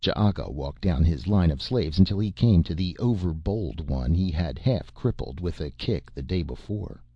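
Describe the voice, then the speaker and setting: A man narrating a novel as an audiobook, in a measured storytelling manner. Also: deep voice, expressive, slightly rough, no room sound, dull audio. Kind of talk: scripted narration.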